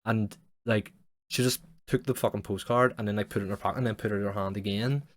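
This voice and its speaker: Low-voiced sweary guy. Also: steady tone, quick pace. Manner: rambling, sweary, heavy use of "like". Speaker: podcast host. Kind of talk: casual storytelling monologue.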